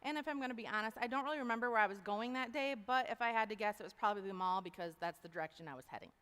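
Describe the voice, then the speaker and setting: A woman giving an animated testimony talk to an audience, folksy, calling them y'all. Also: on the high side, very fast, smooth. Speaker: speaker at a university event. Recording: long hall reverb.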